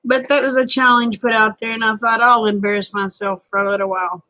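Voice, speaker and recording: Raspy, twangy woman, tired. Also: on the high side, little pitch movement, fairly quick, sharp tone, dry recording, poor audio. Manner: folksy, rambling, self-deprecating. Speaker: livestream host. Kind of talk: casual livestream chat with viewers. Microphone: phone camera close up.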